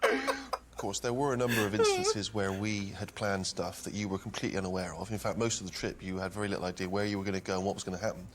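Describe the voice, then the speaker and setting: Quick, low-voiced articulate male host. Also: sing-song, noisy background. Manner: articulate, questioning. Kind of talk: casual studio chat, interviewing.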